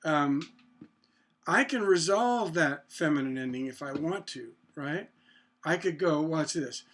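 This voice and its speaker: A man teaching songwriting, talking slowly with many restarts and singing short "na na" phrases to show chords. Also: a little high, lively intonation. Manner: breaks into sung "na na" phrases to demonstrate chords; halting, restarts often, asks rhetorical questions. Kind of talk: songwriting lesson, playing guitar. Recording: loud guitar under the voice. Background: acoustic guitar playing.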